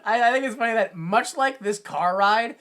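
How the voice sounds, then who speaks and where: A woman's voice: a little high, normal speed, a bit bright. A woman co-hosting a podcast, casually recapping a movie and acting out its characters with laughs. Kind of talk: casual chat.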